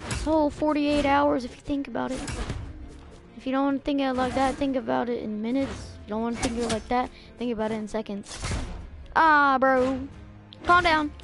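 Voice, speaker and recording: A woman livestreams a game from home, her voice pitched high and full of excitable trash talk. She swings between loud outbursts and mumbled asides, with music playing steadily in the background. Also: a little fast. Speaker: game streamer. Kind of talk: casual live-stream commentary while gaming.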